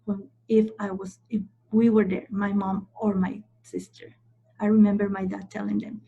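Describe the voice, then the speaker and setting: Mellow husky-voiced woman trainer. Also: medium pitch, level tone, moderate pace, muffled recording. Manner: emphatic, repeats points and checks in with "okay?". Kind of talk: training lecture.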